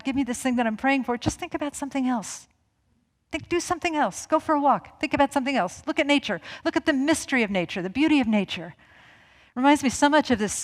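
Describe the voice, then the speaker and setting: A woman minister giving a conversational spiritual sermon, telling stories and acting out the voices she quotes. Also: a little high. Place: church sanctuary. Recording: reverberant hall.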